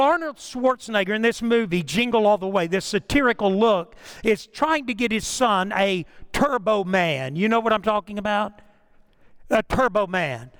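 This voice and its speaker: Pastor with a high voice. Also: male voice, fairly bright tone, clear, resonant tone. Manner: storytelling, conversational with frequent restarts. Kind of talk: sermon.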